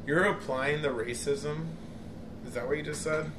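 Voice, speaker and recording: A man's voice: a little high, steady tone, moderate pace, noisy background. A man co-hosting a podcast with casual, crude banter, teasing his friend and laughing often. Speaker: podcast co-host. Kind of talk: casual banter while gaming. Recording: echoey room with music behind.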